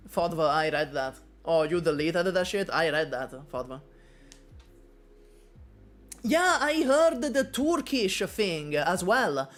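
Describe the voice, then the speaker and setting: A woman from Italy with an Italian accent, chatting casually and jokingly with her stream viewers. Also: medium pitch. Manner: animated, joking, talks straight to chat.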